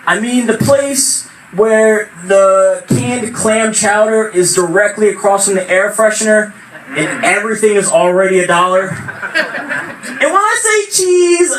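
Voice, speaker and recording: Young guy doing open mic comedy, kinda high voice, far off mic in a roomy space. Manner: animated storytelling, bursts into shouted voices. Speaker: stand-up comedian. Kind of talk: open mic stand-up routine. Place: small venue at open mic night. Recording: echoey room, far from mic, noisy.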